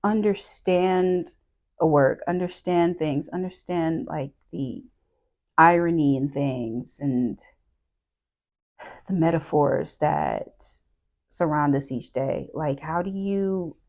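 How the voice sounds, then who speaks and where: A woman's voice: low-pitched, lively intonation, slow, darkish tone. A woman hosting a podcast in casual chat, thoughtful and searching for her words as she talks. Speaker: podcast host.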